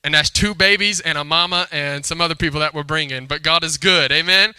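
A man preaching a lively sermon, calling out to the congregation for responses. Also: fairly high pitch, fairly quick, clear, resonant tone, dry recording. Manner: energetic, call-and-response with congregation. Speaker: pastor.

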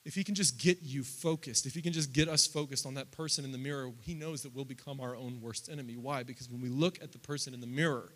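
A man in his thirties preaching a sermon, climbing loud and high through lists and quoted prayers, then dropping low and quiet. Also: quick pace, few pauses. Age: 30s. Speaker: pastor.

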